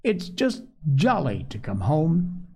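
A man's voice: fairly high pitch, huge pitch swings, takes it slowly, darkish tone, slightly rough, heavily acted. A man voicing a chubby, honest, happy boy in a storybook reading. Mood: glad.

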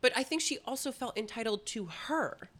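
A man's voice: very high voice, a little fast, a bit bright. A young man co-hosting a podcast, chatting frankly and rambling with lots of "like". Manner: frank, rambling, heavy use of "like". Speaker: podcast co-host. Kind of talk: casual chat.

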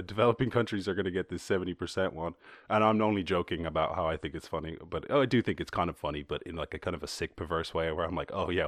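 A man's voice: sits low, no room sound, studio quality. A man with an Irish accent hosting a podcast, riffing on news stories in casual, profane commentary with joking asides and sarcastic put-on voices. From Ireland. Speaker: podcast host.

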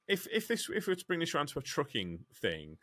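A man co-hosting a casual trucking podcast, animated, swearing freely and acting out quotes. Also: on the high side, fast, no echo. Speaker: podcast co-host, truck driver.

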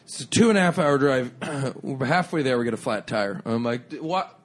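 A male comedian tells a long misadventure as a podcast guest. His voice sits at an ordinary middle pitch, and he swears freely while he keeps acting out what everyone said. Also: normal speed. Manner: animated, profane, acts out other people's lines.

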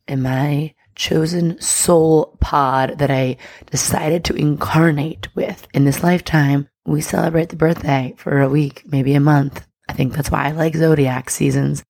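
A woman hosting a spiritual podcast in casual, chatty talk, with a raspy voice. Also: low voice, steady tone, a little slow, a little mellow, dry recording, clean studio sound. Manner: chatty, breezy and upbeat. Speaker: podcast host.

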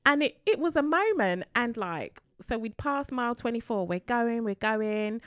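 A woman's voice: a little high, moderate pace, smooth, dry recording. A woman chatting casually as a guest, telling her story with lots of life and acting out what people said. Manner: animated storyteller, acts out quoted voices. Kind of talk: casual chat.

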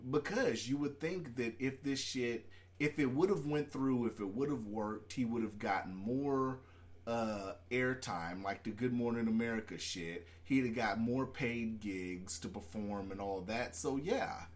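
A man co-hosts a casual podcast, chatting loosely and profanely about the news and laughing often. His voice is medium-pitched and a little slow.

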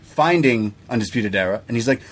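A man co-hosting a podcast, retelling events in a casual, animated way and acting out what people said. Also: mid-range voice, a little fast, breathy edge. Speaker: podcast co-host. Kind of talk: casual recap chat.

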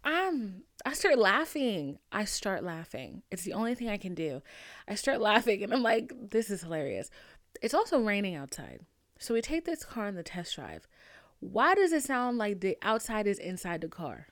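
A young adult woman hosting a podcast, telling a story in an animated, profane and emphatic way and often tossing in "okay?". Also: medium pitch, moderate pace, no room sound, studio quality. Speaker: podcast host. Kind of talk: casual storytelling monologue.

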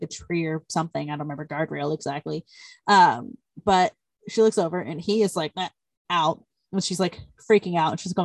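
A woman's voice: on the low side, darkish tone, dry recording. A young woman casually retelling a story to a friend, rambling and full of "like" fillers. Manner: rambling, heavy use of "like" fillers. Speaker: storyteller recapping a plot. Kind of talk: casual chat.

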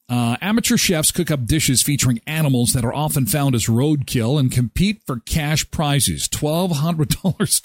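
Male daily-show host, animated, amused, dry close mic. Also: medium pitch, no room sound. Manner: animated, amused, thinking aloud. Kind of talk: casual commentary on videos.

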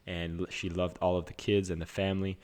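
A man's voice: low-pitched, flat delivery, brisk, darkish tone. A man talking casually on a video call, coaching others in an earnest, searching way with many fillers. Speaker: business coach.

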